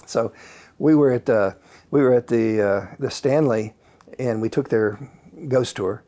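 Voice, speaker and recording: A man, a guest author and paranormal researcher, telling stories in a calm, casual way with many fillers. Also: mid-range voice, measured pace. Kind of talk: relaxed anecdotal storytelling.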